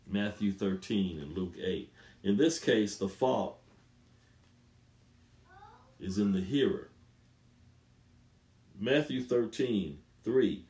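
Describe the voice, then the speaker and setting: Low-voiced preacher man in an echoey room. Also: expressive, unhurried. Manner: emphatic, repeats phrases, rises loud on scripture. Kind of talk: sermon.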